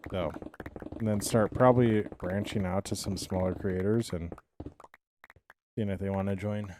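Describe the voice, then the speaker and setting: A man's voice: deep voice, fairly even intonation, moderate pace, background noise. A young man streaming live, chatting casually with viewers and thinking aloud in a loose, rambling way that often trails off.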